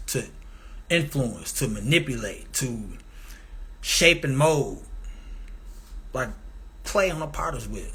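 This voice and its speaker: This grandiose, profane commentator rambles in a meandering monologue full of restarts. His voice is medium in pitch and fairly bright in tone.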